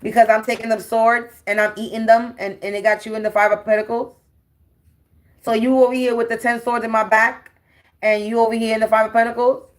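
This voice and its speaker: A woman's voice: a little high, little pitch movement, a little fast. A woman, giving a brash, profane, taunting spiritual tarot monologue. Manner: taunting, repetitive, defiant.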